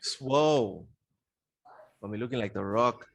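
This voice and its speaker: A man co-hosting a casual gaming podcast, talking in a playful, animated way with frequent laughter. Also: mid-range voice, measured pace, creaky, slightly rough. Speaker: podcast co-host.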